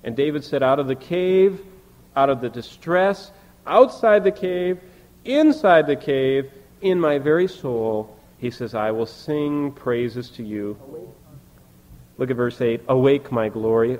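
A man preaching a sermon, reading scripture aloud with emphatic rises and soft, low drops. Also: moderate pace, poor audio. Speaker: pastor.

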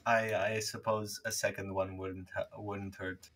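A man's voice: lowish voice, flat delivery, unhurried, crowd noise. A man playing in a tabletop game, talking casually in a flustered, bewildered way. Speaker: player.

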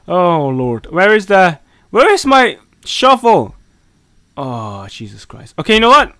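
A high, bright-voiced man narrating a horror game as he plays, his pitch leaping all over the place. He mutters to himself, scolds the characters in mock outrage, and yelps when startled. The sound is dry and close to the microphone. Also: huge pitch swings, unhurried, dry recording. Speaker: gaming commentator. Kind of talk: let's play commentary.

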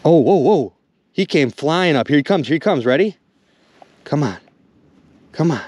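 A man vlogging while ice fishing outdoors on a frozen lake, talking excitedly to his viewers and exclaiming often. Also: medium pitch, fairly quick, long pauses, no echo. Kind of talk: excited outdoor vlog narration. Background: wind and outdoor ambience.

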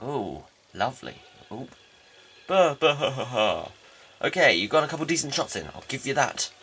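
A man giving jokey, excitable let's play commentary. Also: medium pitch, moderate pace, husky. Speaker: game commentator.

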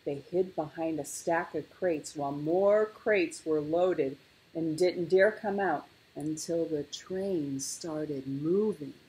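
A woman reading a children's picture book aloud, expressive and measured. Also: low voice. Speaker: storyteller.

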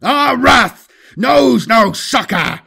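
A man's voice: very high-pitched, lively intonation, extremely slow, creaky, bright, forceful tone, husky, pitched above the performer's own voice, heavily acted. A man voicing a furious, battle-hardened armored male warrior-priest who bellows battle cries and orders. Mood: furious roaring. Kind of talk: audiobook character voice.

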